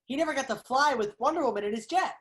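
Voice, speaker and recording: Podcast guest, woman, bit high voice, animated and analytical. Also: quick pace. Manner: animated, analytical, acts out reactions. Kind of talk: casual movie review chat.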